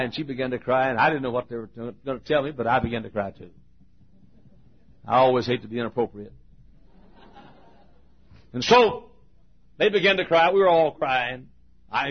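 A man preaching a sermon, telling emotional stories with many repetitions and swings between loud and hushed. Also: mid-range voice. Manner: emotional storytelling with repetitions, shifting volume. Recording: dull lo-fi sermon recording.

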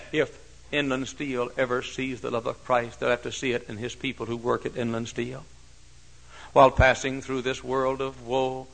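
A pastor preaching a sermon, moving from hushed storytelling to loud, shouted climaxes. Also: male voice, mid-range voice, vocal fry, low-quality recording.

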